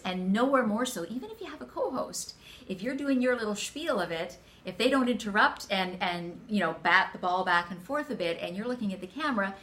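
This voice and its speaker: Chatty woman co-host giving tips. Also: mid-range voice. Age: middle-aged. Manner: animated, laughing, coaching tone. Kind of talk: casual chat.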